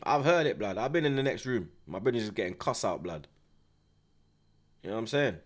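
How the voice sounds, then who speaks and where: A man hosting a live football watchalong, talking in excitable, slang-heavy banter. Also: on the low side, brisk. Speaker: host. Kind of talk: live match watchalong commentary.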